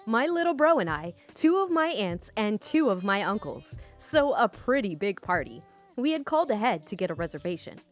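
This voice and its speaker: Bubbly woman reading stories aloud. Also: mid-range voice. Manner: bubbly, laughing, chatty. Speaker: storytime channel host.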